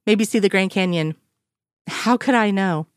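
A woman reading the lines of a middle-aged male federal agent in a dry, gently teasing way. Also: medium pitch, a little slow, dry recording, close to an everyday voice. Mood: tender.

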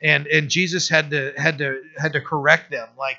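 A man, a pastor, teaching through a Bible passage in a casual, halting way, often restarting and checking in with "right?". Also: fairly high pitch, little pitch movement, vocal fry, pushed and bright, dull audio, faint music behind.

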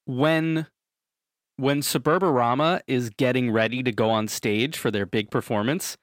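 A man's voice: mid-range voice, fairly even intonation, measured pace, dry recording, clean studio sound. A man co-hosting a casual movie review podcast, restarting sentences as he talks. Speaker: podcast co-host.

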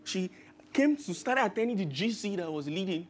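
High-voiced man preaching. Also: lively intonation, brisk, a little hiss or hum. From Nigeria. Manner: storytelling, acts out quoted voices with rising emphasis. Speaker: pastor. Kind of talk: sermon.

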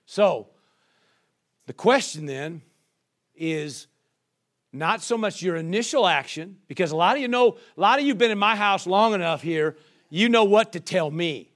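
A pastor delivering a sermon to his congregation, repeating questions and calling out for people to answer. He is a man with a high-pitched voice that climbs as he presses his points. He acts out the voices of doubters and church members in quick asides. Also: expressive, fairly bright tone. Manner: call-and-response preaching, rhetorical questions, acts out quoted voices.

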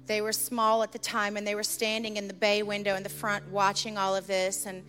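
Woman pastor, middle-aged, mid-pitched voice, urgent testimony into hushed prayer, light music bed. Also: completely flat delivery, fairly quick. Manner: storytelling, earnest and urgent, then softly intense in prayer. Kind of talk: sermon.

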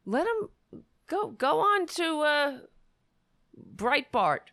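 A woman vlogger angrily ranting in reaction to a news clip, swearing often and breaking off into halting restarts. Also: high-pitched, big pitch swings, fairly bright tone, no room sound, studio quality. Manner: indignant, profane, halting restarts. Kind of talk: angry reaction rant.

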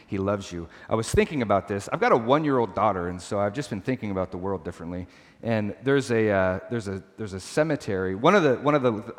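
Earnest male preacher in echoing hall. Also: fairly low pitch. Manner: earnest, repetitive, conversational preaching with restarts. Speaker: pastor. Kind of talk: sermon. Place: church hall. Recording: long church hall reverb.

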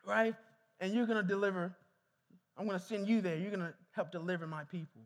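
In a reverberant church hall, a man preaches a sermon in a high-pitched voice at a fairly quick pace with fairly even intonation. He repeats phrases and calls on the congregation to answer back.

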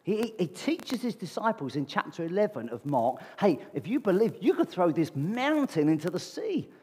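A man's voice: high voice, very animated, moderate pace, darkish tone, husky. A man preaching a sermon to his congregation in a conversational way, often asking them rhetorical questions. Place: church meeting hall. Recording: long reverb of a large hall.

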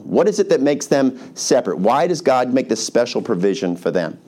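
A pastor preaching a sermon to his congregation, who tells the story in a lively, casual way and acts out the characters' voices. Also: medium pitch. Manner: animated, colloquial storytelling with acted-out voices.

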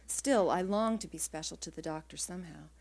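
A woman author reading her own first-person prose aloud at a live literary reading, in a measured, quiet way. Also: fairly low pitch, creaky.

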